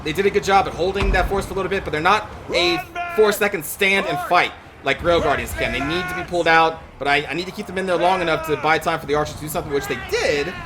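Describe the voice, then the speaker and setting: A man casually commentating his own strategy game match, quick and excitable, swearing when things go wrong. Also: on the high side, noisy background.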